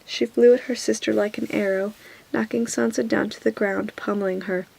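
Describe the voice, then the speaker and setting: A woman reading a novel aloud in a soft whispered role-play. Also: medium pitch, steady tone, normal speed, creaky, low-quality recording. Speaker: reader.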